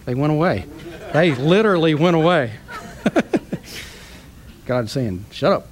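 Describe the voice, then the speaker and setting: A man preaching with fervor, his voice sitting high and climbing into shouts before falling back to a soft, tearful tone. He delivers a sermon to a congregation, pressing each point with emotion. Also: a little hiss or hum. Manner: impassioned, rising to shouts then dropping soft. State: tearful at times.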